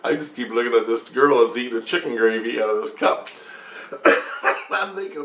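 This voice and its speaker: A man's voice: mid-range voice, moderate pace. A man recounting a strange dream in a rambling, repetitive way, swearing freely as he tells it. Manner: repetitive, profane, excitable retelling. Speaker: dream storyteller. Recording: roomy echo with faint ambient noise.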